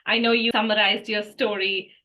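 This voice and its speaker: A woman host with a bright, crisp voice at a mid pitch, asking questions in a relaxed interview. She talks in an affirming way and laughs easily. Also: moderate pace, poor audio. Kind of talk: casual interview.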